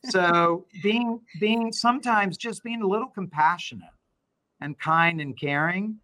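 A middle-aged man, a law firm owner, talking as an interview guest and telling stories with animated, acted-out dialogue. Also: high voice, a little slow. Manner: animated storyteller, acts out quoted dialogue. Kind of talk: conversational interview.

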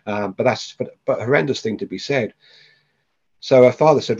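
A man's voice: medium pitch, moderate pace, darkish tone, husky, highs cut off. A man, a podcast guest, tells a personal story with animation and acts out the voices of the people in it.

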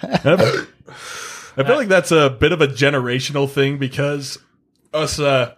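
A young man, a band member guest on a podcast, chatting in a relaxed, wry way. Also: fairly high pitch, normal speed. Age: young adult. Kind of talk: casual interview chat.

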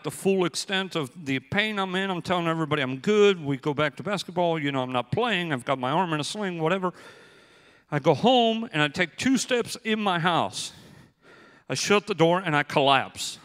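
A male pastor preaching a sermon, telling a story with animated, acted-out quotes. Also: sits high, a little fast, long reverb tail.

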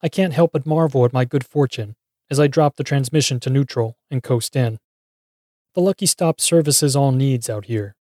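Dark-voiced man narrating a horror tale. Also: medium pitch, moderate pace, no room sound, clean studio sound. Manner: wry, dramatic storytelling. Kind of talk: first-person scripted narration.

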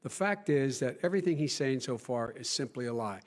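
A man in a heated televised debate, halting and stammering as he tries to finish his points. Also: mid-range voice, lively intonation, background noise. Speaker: debate candidate. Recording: long hall reverb, debate stage.

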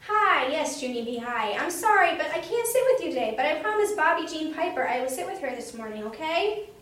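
A woman voicing a polite little girl classmate who apologizes in a bright, hurried way, recorded far from the mic in an echoey room. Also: sits high, very animated, pitched above the performer's own voice. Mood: apologetic. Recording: roomy, distant mic, faint hum.

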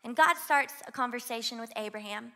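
A young woman from Louisiana with a Southern twang, preaching an energetic sermon as guest pastor and urging the congregation to join in. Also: a little high, brisk. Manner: energetic, exhorts the crowd to shout along. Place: church auditorium.

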